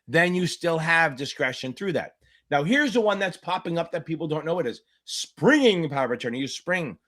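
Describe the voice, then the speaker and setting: Blunt, profane middle-aged male tutor. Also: on the high side. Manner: rambling digressions. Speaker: exam tutor. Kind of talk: live-streamed Q&A lesson.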